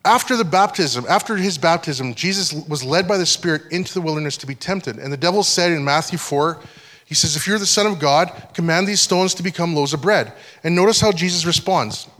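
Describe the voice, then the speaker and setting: A pastor giving a conversational sermon, often checking that the congregation is following. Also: male voice, on the high side, a little fast, fairly bright tone. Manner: conversational teaching, frequent check-ins with listeners. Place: church hall. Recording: long hall reverb.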